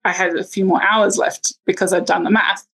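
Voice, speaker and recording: A woman's voice: mid-range voice, steady tone, fairly quick, vocal fry, a bit bright, breathy edge, poor audio. A woman telling her birth story in a casual interview, chatty with lots of ums and likes. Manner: chatty, many ums and likes, acts out quotes.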